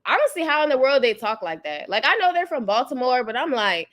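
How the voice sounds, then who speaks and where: A woman's voice: high voice, very animated, quick pace, fairly bright tone. A woman hosting her channel's livestream, chatting casually about celebrity gossip, rambling and greeting viewers in the chat. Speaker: YouTube channel host.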